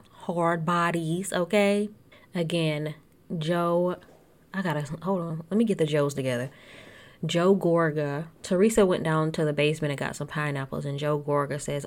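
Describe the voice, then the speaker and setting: A woman recapping a reality TV episode in a casual, chatty and sarcastic way, laughing often. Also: lowish voice.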